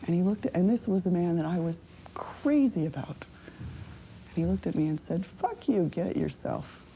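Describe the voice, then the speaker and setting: A woman giving personal testimony in a documentary interview, talking in a halting, reflective way with many fillers. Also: fairly low pitch, animated, mellow, slight background noise, low-quality recording.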